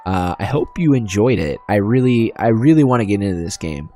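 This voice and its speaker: A man's voice: fairly low pitch, animated, a little fast, dark tone, soft background music. A man casually commenting on and reading aloud from a video game, chatty and self-deprecating. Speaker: video game let's-play host.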